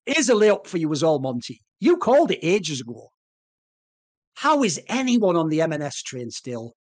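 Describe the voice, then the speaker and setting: A man giving casual esports podcast banter as an analyst, ranting in an animated way and swearing often. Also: fairly high pitch, moderate pace.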